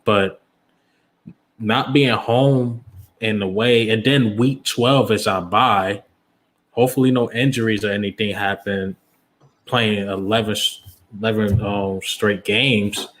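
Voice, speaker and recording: Low-pitched male sports analyst, calm and methodical. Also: slow, slight background noise.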